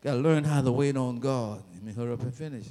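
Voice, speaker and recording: A man preaching a sermon with dramatic swells, bursts of shouting and playful asides. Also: medium pitch, fast talker.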